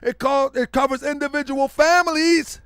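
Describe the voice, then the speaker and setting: A man with an unusually high, gravelly voice speaks. He hosts a livestream and talks to his viewers loudly and restlessly, repeating himself for emphasis. The sound is dry and close. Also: steady tone, normal speed, no room sound. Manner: loud, rambunctious, repeats himself a lot; preachy, calls listeners family. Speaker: online show host. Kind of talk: livestream commentary talking to viewers.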